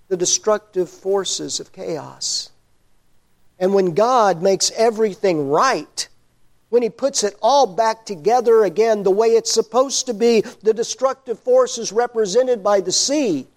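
A middle-aged man preaching a sermon, telling Bible stories with lively acted-out shouts and hushed endings. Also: very high voice. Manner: animated storyteller, acts out disciples' shouts, drops to hushed tones.

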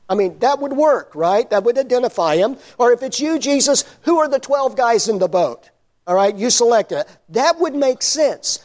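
A man preaching a sermon, telling the story with animated humor and posing rhetorical questions, then dropping to quiet earnestness. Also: high-pitched. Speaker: pastor.

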